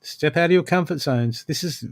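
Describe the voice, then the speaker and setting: A man's voice: a little high, moderate pace. Man giving a pep-talk card reading. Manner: coaching, repeats "okay" often; addresses the listener directly with pep-talk advice. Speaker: intuitive card reader. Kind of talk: live oracle card reading.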